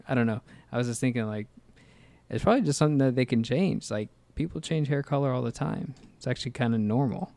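A man's voice: mid-range voice, fast, a little mellow, no room sound. A man co-hosting a casual movie commentary chat, rambling and hesitant with many fillers and restarts. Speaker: podcast co-host.

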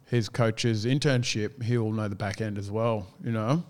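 A man's voice: on the low side, steady tone, a little slow. A man chatting casually as a gym owner, telling stories animatedly, swearing freely and acting out what people said. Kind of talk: casual chat.

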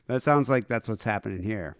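A man's voice: fairly low pitch, fairly quick, no room sound, studio quality. A man co-hosting a podcast, telling stories casually and laughing at them. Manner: storytelling, laughs at his own tales. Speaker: podcast co-host. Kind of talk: casual chat.

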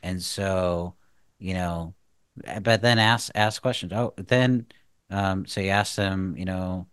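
Deep-voiced man, earnest faith talk. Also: takes it slowly, fairly bright tone, clear, resonant tone, no room sound. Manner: earnest, preachy, full of "you know" and restarts. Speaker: podcast co-host.

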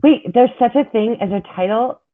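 A woman's voice: a little high, normal speed. A woman interviewing a guest, chatty and eager, tripping over her own words. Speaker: podcast host. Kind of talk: casual interview chat. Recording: tinny phone-like line.

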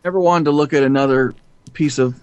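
A man telling stories in an interview, animated and profane, often laughing. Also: medium pitch, a little fast, lo-fi sound, slight background noise. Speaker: filmmaker guest. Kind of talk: storytelling interview.

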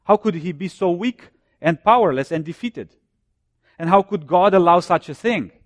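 A man delivers a sermon in a somewhat high-pitched voice, stacking short repeated phrases for emphasis. He falls low and quiet when he cites chapter and verse. The sound is dry and close, with no room echo. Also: moderate pace. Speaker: preacher.

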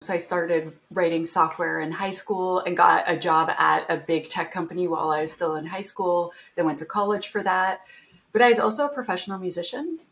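A middle-aged woman, a guest on a podcast, tells her career story in a bright, chatty way. She is upbeat and expressive, laughing often and slipping into quick quoted asides. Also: lowish voice. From Canada. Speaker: guest, security founder. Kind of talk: casual storytelling interview.

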